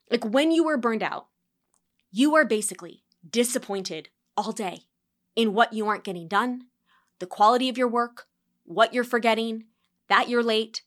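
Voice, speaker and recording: Earnest woman podcasting, fairly high voice. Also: fairly bright tone. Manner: earnest, acts out sighing self-talk. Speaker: podcast host. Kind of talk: solo podcast monologue.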